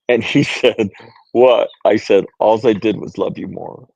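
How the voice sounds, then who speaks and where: Middle-aged man from the United States, low voice, dry close sound, earnest, talks in stories and quotes, keeps checking "right?" as he goes. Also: measured pace, vocal fry, a little mellow, breathy edge, no echo, muffled recording. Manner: repeats "right?", many restarts, quotes others. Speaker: podcast guest, author. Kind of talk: earnest storytelling in conversation.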